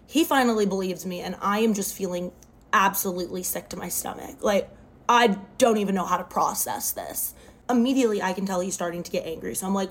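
A woman's voice: mid-range voice, a little fast. A young woman telling a wild personal story to camera, dramatic and full of "like". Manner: dramatic retelling, often says "like". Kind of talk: storytime vlog.

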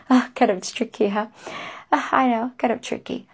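A woman teaching English pronunciation, saying each word slowly and repeating it, often ending with a questioning "huh?". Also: on the high side, fairly even intonation, slightly rough. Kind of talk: slow, deliberate pronunciation lesson.

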